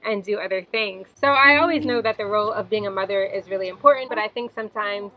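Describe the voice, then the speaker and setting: A young woman, a mother, telling a personal story in a gentle, reflective way, later reading a prayer. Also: medium pitch, quick pace. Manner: gentle, reflective, with soft fillers. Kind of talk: casual storytelling monologue. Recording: slightly dull, faint background hiss.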